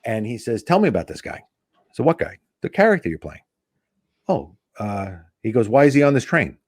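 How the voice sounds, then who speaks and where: With a slightly fast delivery and a breathy edge to his mid-range voice, a male comedian shares a casual story as a guest, lively and acting out what people said. The studio recording carries no room sound.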